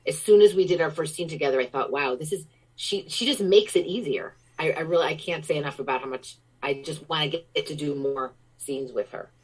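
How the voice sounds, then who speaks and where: A middle-aged American woman with a notably low voice talks as an interview guest. Her manner is effusive and enthusiastic, and her stories pour out in casual chat. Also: a little fast, a little mellow, breathy edge, low-quality recording.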